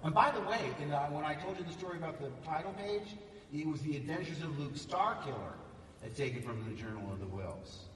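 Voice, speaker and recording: A man tells stories on stage to a live audience in a fairly high, very animated voice and slips into the voices of other people. He sounds far from the microphone in a big, roomy hall with a long echo. Steady background noise runs underneath. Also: a little fast. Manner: lively, acts out voices of others. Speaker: actor telling stories to an audience.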